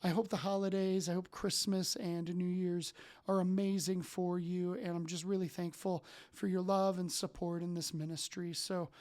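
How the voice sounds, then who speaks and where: A man coaching his followers with earnest, faith-filled storytelling, animated and full of restarts and "like". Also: high-pitched, moderate pace. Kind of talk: casual spoken storytelling to followers.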